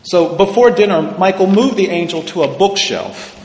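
A man tells a story aloud in a measured, expressive way. His voice sits slightly high for a man. It rings in a large room with a long reverb tail over a faint hiss. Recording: echoey hall with long reverb and faint noise.

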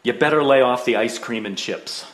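A man's voice: medium pitch, moderate pace, a bit bright, natural voice. A man voicing a stern, dry-humored father who speaks tersely, in a roomy echo. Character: gruff dad, stern and dry.

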